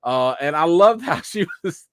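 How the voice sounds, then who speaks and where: A man's voice: on the high side, animated, measured pace, smooth, dry recording, studio quality. A man hosting a live chat reaction and review of a TV episode, talking casually with lots of "you know" fillers. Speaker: show host and reviewer.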